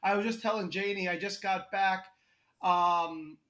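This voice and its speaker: A man's voice: high voice, steady tone, measured pace, fairly bright tone. A young man with a New York accent, a guest comedian in a casual podcast chat, telling stories animatedly and laughing often. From Connecticut. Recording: roomy echo.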